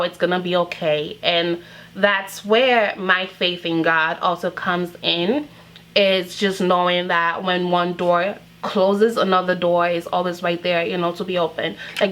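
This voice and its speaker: Young woman from Nigeria, twenties, confessional vlogger; lowish voice, candid and emotional, lots of fillers. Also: steady tone, measured pace, a bit bright, poor audio. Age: 20s. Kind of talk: personal confessional vlog.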